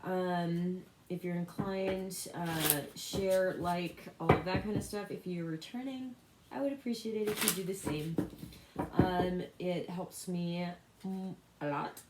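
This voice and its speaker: A woman's voice: lowish voice, a little slow. A woman giving a casual spiritual tarot reading, rambling with loose asides and self-interruptions. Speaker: tarot reader. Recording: echoey room with loud background noise. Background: card shuffling clicks.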